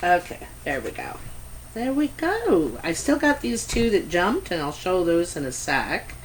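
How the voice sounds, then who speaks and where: A woman's voice: lowish voice, sing-song, measured pace, slight background noise, rough recording. A Canadian woman giving a casual tarot reading to camera, chatty and meandering, with many ums and asides. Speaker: tarot reader.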